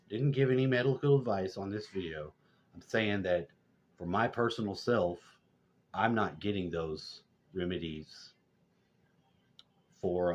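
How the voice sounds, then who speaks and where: A middle-aged man telling loose, rambling stories and swearing constantly, getting loud and high when worked up. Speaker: vlogger. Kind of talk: rambling profane storytelling. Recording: dull lo-fi sound.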